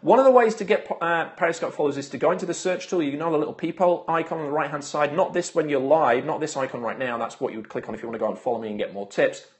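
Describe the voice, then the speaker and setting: A man's voice: fairly high pitch, rapid-fire, hardly any pauses. A man hosting a live phone stream, chatting casually, greeting viewers by name and giving marketing tips with lots of filler uhs.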